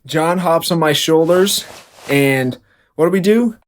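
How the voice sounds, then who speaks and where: A young man co-hosting a podcast, telling a silly story in a matter-of-fact, deadpan way. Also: fairly high pitch, unhurried, slight background noise. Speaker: podcast co-host. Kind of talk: casual comedic storytelling.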